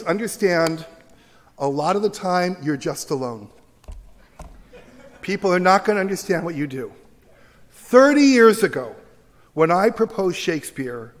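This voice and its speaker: Middle-aged guy teacher giving a fired-up lecture, lively voice, big hall echo. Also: high voice, normal speed, pauses often. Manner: passionate, acts out voices of critics. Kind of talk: animated public lecture. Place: university auditorium. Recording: long hall reverb from the auditorium.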